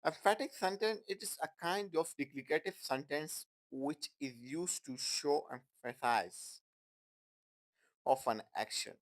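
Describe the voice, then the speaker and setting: A man gives an English grammar lesson at an unhurried, deliberate pace. His English is non-native and broken. He repeats each example sentence and checks in with the class often. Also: fairly high pitch, rough recording. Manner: repeats example sentences, asks "What?" and "Okay, guys?".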